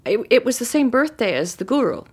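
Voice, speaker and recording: A middle-aged woman telling a personal story in a casual, animated way, acting out what people said. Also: fairly high pitch, brisk, slightly rough. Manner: animated, acts out quoted voices. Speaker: storyteller guest.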